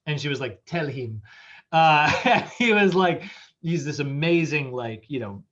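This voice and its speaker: A man's voice: a little high, expressive, moderate pace, a bit bright, dull audio. A man teaching a casual online nutrition lecture over a video call, chatty and full of fillers, often laughing. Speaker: fitness nutrition instructor.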